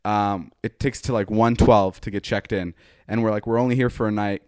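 A young man with a lowish voice tells a story on a podcast in casual chat. He swears freely and acts out every voice in it. The sound is close and dry, with no room around it. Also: a little fast, dry recording. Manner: profane, animated, acts out quoted dialogue. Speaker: podcast host.

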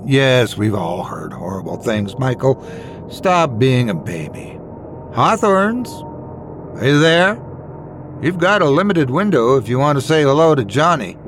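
A man's voice: mid-range voice, sing-song, a little slow, a little hiss or hum. A man voicing a taunting teenage bully. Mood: mocking. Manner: taunting, snarling. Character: brash cruel teenage boy bully.

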